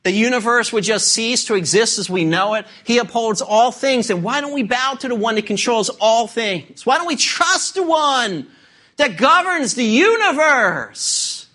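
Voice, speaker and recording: A man's voice: very high-pitched, animated, unhurried, sharp tone. A man preaching a sermon, emphatic and full of rhetorical questions, asking the congregation to turn to scripture. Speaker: pastor.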